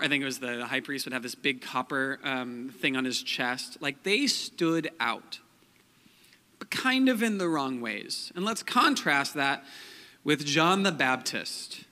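A young pastor with a pushed, bright, mid-range voice gives a casual, joking sermon. He's chatty and leans heavily on fillers like "like" and "um," and the recording has a long hall reverb.

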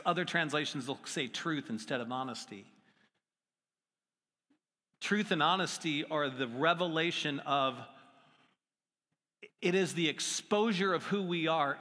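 A man's voice: on the high side, pushed and bright. A middle-aged man preaching a sermon in a conversational, self-deprecating way with playful asides. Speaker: pastor. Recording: long hall reverb with faint music.

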